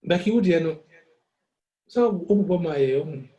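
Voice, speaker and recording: A man's voice: a little high, animated, measured pace, mellow, highs cut off. A man with a Ghanaian accent teaching a music lesson, patiently repeating words syllable by syllable. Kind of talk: classroom lesson mixing Twi and English. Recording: echoey room.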